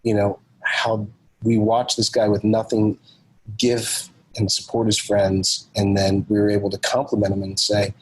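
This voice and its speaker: Male podcast guest, lowish husky voice, animated storyteller who voices the dialogue. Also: measured pace, low-quality recording.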